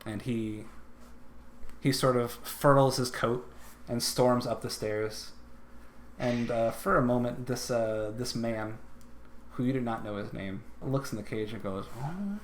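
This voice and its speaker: A man running a tabletop game as dungeon master, describing scenes in a loose, descriptive way. His voice is mid-pitched. A faint hiss sits under the recording. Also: fairly even intonation, a little slow. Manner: descriptive, with filler and restarts.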